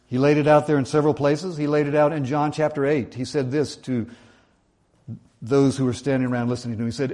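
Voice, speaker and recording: Middle-aged guy preaching, reads a verse then explains it like he's just chatting, normal pitch. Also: darkish tone. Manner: reads scripture aloud then explains it conversationally. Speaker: pastor. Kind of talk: sermon.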